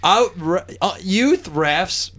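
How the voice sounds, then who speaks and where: Wry man telling a slightly high-voiced story. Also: very animated, very slow, a bit bright. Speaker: podcast co-host. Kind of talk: casual comedy chat.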